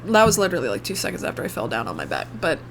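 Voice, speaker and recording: A woman's voice: low voice, wildly swooping pitch, rapid-fire, gravelly, a little hiss or hum. A young adult woman, an ASMR creator, telling a long, emotional personal story in a casual, rambling way, swearing now and then.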